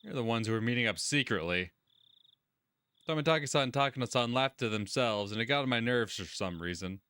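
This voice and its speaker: A man's voice: mid-range voice, expressive, fairly quick, sharp tone, smooth, no echo. A man hosting a let's-play, reading game narration aloud and adding crude, sarcastic commentary.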